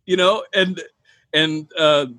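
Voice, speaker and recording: A man in casual podcast chat, telling animated, rambling stories about bands. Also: on the high side, slow pace, no echo, clean studio sound.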